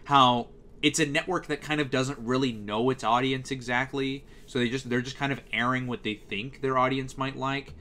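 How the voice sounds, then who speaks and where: Exasperated by a TV channel's lineup, a young man reviewing schedules on YouTube delivers a casual rant packed with fillers and false starts. He speaks at a moderate pace in a medium-pitched, steady voice that's bright and forceful.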